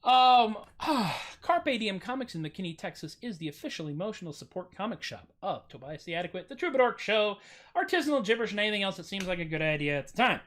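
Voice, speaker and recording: An American man hosting a casual livestream from home, chatty and self-mocking, with goofy jumps up in pitch on his jokes. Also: very animated, a little fast, a bit bright. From United States. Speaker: streaming musician host.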